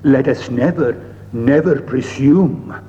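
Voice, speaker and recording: A man preaching a sermon in a slow, measured way, pausing often and quoting old scripture phrasing, recorded in a church. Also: mid-range voice, mellow, slight background noise. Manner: slow, measured delivery with frequent "uh" pauses and archaic scripture phrasing. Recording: dull lo-fi recording in a reverberant hall.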